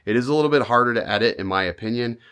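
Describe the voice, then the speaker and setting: Speaking at a racing pace in a mid-range, fairly bright, clear and resonant voice, a real estate photographer who vlogs talks casually and bluntly about his gear. He's losing his voice, so it sounds a little worn through the small camera's built-in mic.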